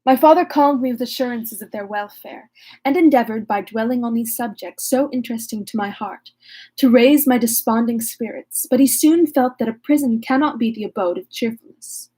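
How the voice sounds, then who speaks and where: A woman's voice: on the high side, moderate pace, dark tone, slightly rough. A woman reading a classic novel aloud, breaking off now and then for wry, joking asides. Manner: wry asides, laughs at herself. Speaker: reader.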